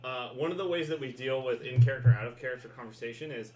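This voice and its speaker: A man runs a tabletop game in casual chat, laughing easily between lines. His voice sits at a middle pitch. The room around him is echoey. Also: fast. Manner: laughs often, relaxed and joking. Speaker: game master.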